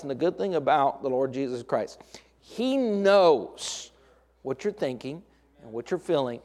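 A middle-aged male pastor preaching a sermon, moving between hushed, intimate lines and raised, emphatic points, with folksy humorous asides. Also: sits high.

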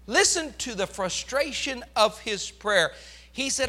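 A man preaching a fervent, emphatic sermon as pastor, swinging between loud declarations and hushed asides. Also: very high-pitched, animated, measured pace.

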